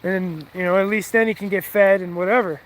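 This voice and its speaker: High-voiced man telling a profane story. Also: fairly even intonation, brisk. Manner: profane, heated, rambling. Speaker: vlogger. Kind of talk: casual storytelling.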